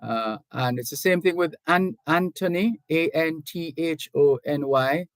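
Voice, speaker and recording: A middle-aged Jamaican man hosting a call-in radio talk show. He reads listener messages aloud and talks in a measured, deliberate way, often restarting his sentences. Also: fairly high pitch, no echo, rough recording. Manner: deliberate, measured, with frequent restarts and hedging asides. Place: radio studio. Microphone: studio microphone.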